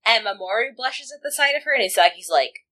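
A woman's voice: fairly high pitch, lively intonation, fast talker, fairly bright tone, low-quality recording. A woman co-hosting a podcast, chatting casually with lots of "like" fillers and frequent laughter. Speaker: podcast co-host. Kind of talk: casual podcast chat recapping an anime.

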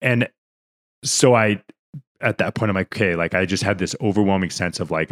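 On a casual podcast, a young male co-host speaks in a low voice at normal speed. He earnestly recounts a story, rambling emotionally with many restarts and sounding near tears.

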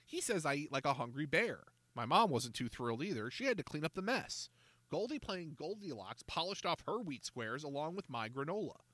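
A man doing a furious young soccer goalie, loud and aggrieved, pitched up above his usual reading voice. He whines and pleads, bright and forceful in a dry, close sound. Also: very animated, brisk, no room sound, heavily acted. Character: angry frustrated boy soccer goalie.

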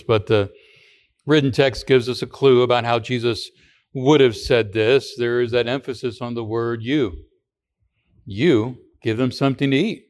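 A pastor preaching a sermon to his congregation. His voice sits in an ordinary middle range. He talks in a conversational way, asking rhetorical questions and now and then restarting a word. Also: medium pitch.

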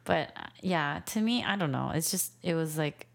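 A woman in her thirties talks through a story in relaxed, casual conversation. Her voice sits low for a woman, and she tells it with animated energy, peppering every phrase with "like.". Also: moderate pace, vocal fry. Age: 30s. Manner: animated storytelling, heavy use of "like". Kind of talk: casual chat.

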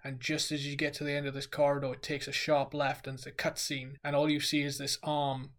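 A man co-hosting a casual podcast, telling animated stories and acting out sounds. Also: a little high, fairly quick. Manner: animated storyteller, acts out sounds. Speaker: podcast co-host. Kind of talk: casual chat.

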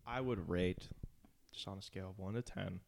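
A man's voice: deep voice, vocal fry, a little hiss or hum. A young man co-hosting a podcast, teasing his friend, laughing easily and swearing. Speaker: podcast co-host. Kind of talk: casual profane chat.

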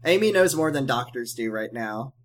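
A man co-hosting a casual recap chat, animated and jokey, swearing casually. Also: medium pitch, normal speed. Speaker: podcast co-host recapping a TV show.

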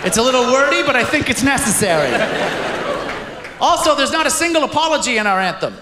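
A man doing stand-up before a live audience, shouting out his punchlines. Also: extremely high pitch, sing-song, quick pace. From Canada. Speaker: stand-up comedian. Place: stage in a large room with an audience. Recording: echoey live recording with crowd noise.

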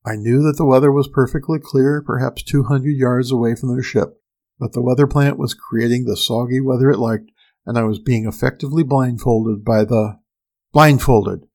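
A man's voice: medium pitch, steady tone, a little fast, warm tone. A man narrating a first-person science-fiction story in a tense, dramatic storytelling manner.

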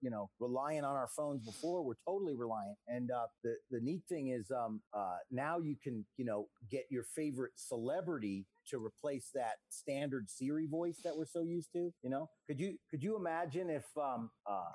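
A man's voice: mid-range voice, expressive, moderate pace, few pauses, darkish tone. A middle-aged man, a comedian telling rambling, self-mocking jokes over a video call.

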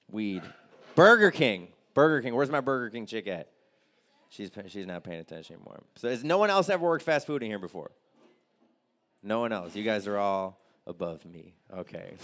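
A young man doing a loose, crude stand-up set and chatting with the crowd. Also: lowish voice. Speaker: stand-up comedian.

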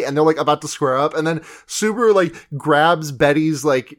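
A man's voice: fairly high pitch, normal speed, hardly any pauses. A man casually recapping an anime episode, rambling with lots of "like" and acting out characters' lines. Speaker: podcast co-host.

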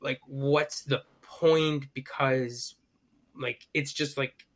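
A man's voice: medium pitch, steady tone, very slow, fairly bright tone. A man around thirty in casual chat, rambling enthusiastically and swearing freely.

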